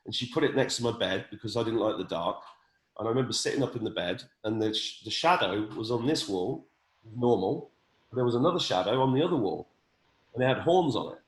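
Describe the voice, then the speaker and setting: A man in his fifties hosts a casual chat and speaks earnestly, often stumbling into repeated restarts. His voice sits a little low. The room sounds echoey around him. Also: expressive, fairly quick. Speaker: host. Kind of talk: casual conversation.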